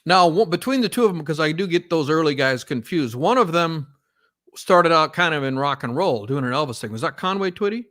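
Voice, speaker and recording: In relaxed podcast banter, this co-host wanders with frequent fillers and restarts. He speaks briskly in a higher register with lively intonation and a touch of brightness, and the studio audio is clean with no echo.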